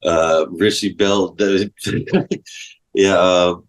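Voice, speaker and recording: A man telling stories in a relaxed, casual way, swearing freely and saying "like" a lot. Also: sits low, very slow. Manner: laid-back, swears freely, lots of likes. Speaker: guest. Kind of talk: casual storytelling.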